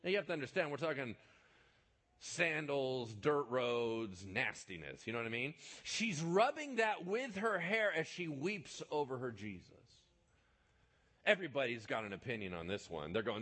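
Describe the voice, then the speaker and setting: Animated husky male preacher. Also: mid-range voice, normal speed. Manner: animated storytelling, swings from loud to hushed. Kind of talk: sermon.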